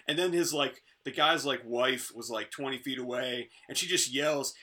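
A man's voice: mid-range voice, moderate pace, pushed and bright. A man as a podcast guest in casual chat, telling stories in a laid-back way.

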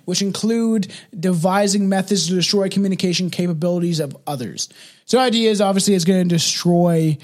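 High-voiced man stumbling through a reading. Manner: stumbling reader, frequent restarts and fillers. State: drinking scotch. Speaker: podcast co-host. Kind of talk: casual chat, reading an article aloud.

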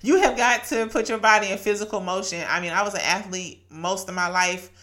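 A woman's voice: medium pitch, fairly quick, bright, forceful tone. A woman in her late thirties or forties hosting a podcast, giving an earnest, chatty devotional talk that she laces with laughter and scripture quotes. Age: late 30s to 40s. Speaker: podcast host.

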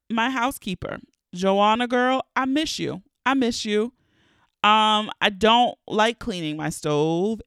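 Woman, 30s, podcast host, candid profane storytelling, gravelly texture, dry sound. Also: fairly low pitch, fairly bright tone, no room sound. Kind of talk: solo comedic podcast rant. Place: home recording during lockdown.

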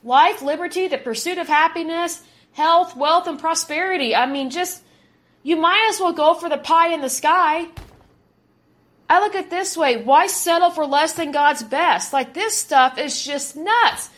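A woman in her late thirties with a high voice delivers her commentary with fired-up conviction. She hammers her points home by repeating key words, her tone indignant and insistent throughout. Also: a little slow, a bit bright. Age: 30s. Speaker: podcast host. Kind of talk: opinionated commentary.

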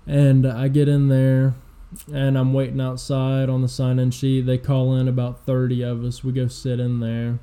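A man in his twenties co-hosting a podcast, telling a long story in casual, profane chat with plenty of fillers, at low energy. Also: completely flat delivery, normal speed, few pauses, mellow. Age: 20s. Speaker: podcast co-host.

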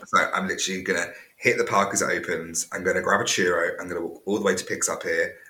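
Man, very deep but bright voice, animated storyteller, roomy echo. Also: fast talker. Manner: animated, storytelling, self-mocking. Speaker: guest. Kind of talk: casual chat.

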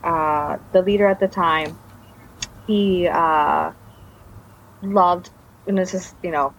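A woman's voice: fairly low pitch, slow pace. A woman guest telling her personal story in a casual interview, meandering with trailing restarts. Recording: dull lo-fi recording.

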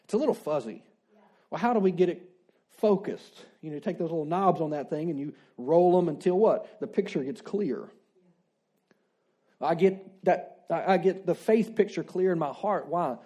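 Mellow-voiced male pastor preaching conversationally. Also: a little high, normal speed, slightly rough. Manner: conversational preaching with rhetorical questions and repeated declarations. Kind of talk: sermon.

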